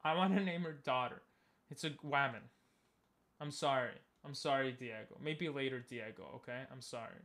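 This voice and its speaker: A man's voice: medium pitch, a bit bright. A young man giving casual, joking commentary while streaming a game and talking with chat. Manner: chatty, joking, talks to chat.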